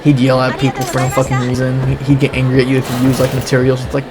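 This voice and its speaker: A man's voice: mid-range voice, monotone, fast talker, background noise. Profane, rambling gamer man. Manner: rambling, profane storytelling with many restarts. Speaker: gaming streamer. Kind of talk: casual chat over gameplay. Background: game music.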